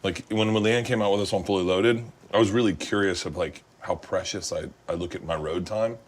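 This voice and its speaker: A man's voice: low voice, fairly even intonation, brisk. A man in his fifties hosting a cooking talk show, chatting casually while he cooks, rambling through stories with lots of swearing and frequent laughter. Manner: profane, rambling storyteller, laughs often.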